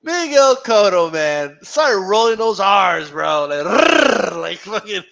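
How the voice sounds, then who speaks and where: Laughing, profane young man, high lively voice. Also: unhurried, gravelly. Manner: laughing, profane, switches into Spanish to quote fighters. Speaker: boxing commentator on a live stream. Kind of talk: casual live-stream chat. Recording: dull lo-fi stream audio.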